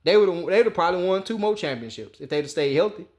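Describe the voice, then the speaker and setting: A man's voice: sits high, expressive, very fast. A man giving an emphatic, profane sports rant, repeating his points as he tells the story. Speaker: sports commentator.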